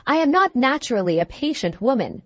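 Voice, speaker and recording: A woman voicing a wronged young woman who speaks gently, steadily and firmly. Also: fairly high pitch, sing-song, a little fast, no echo. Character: wronged young woman, calm, patient and firm.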